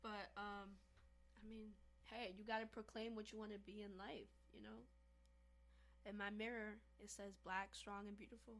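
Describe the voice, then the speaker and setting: A woman's voice: mid-range voice, flat delivery, moderate pace, gravelly. A woman co-hosting a casual podcast, playful and jokey in her chat. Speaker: podcast co-host.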